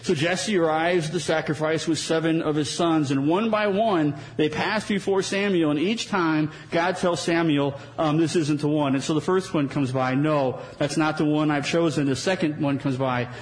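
A man's voice: fairly high pitch, moderate pace, few pauses, poor audio. A man preaching a Sunday sermon, earnest and conversational, with dry sarcasm and small restarts. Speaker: pastor.

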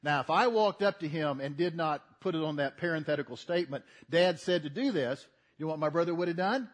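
A man's voice: a little high, fast talker. An older man preaching a sermon, folksy and earnest, building to emphatic repetition. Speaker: pastor.

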